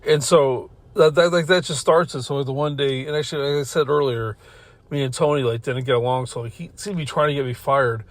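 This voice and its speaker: A man's voice: mid-range voice, fairly even intonation, brisk. A man hosting a podcast from his car, telling a story in a loose, rambling way. He swears a lot, laughs often and keeps restarting his sentences. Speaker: podcast host. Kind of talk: casual storytelling.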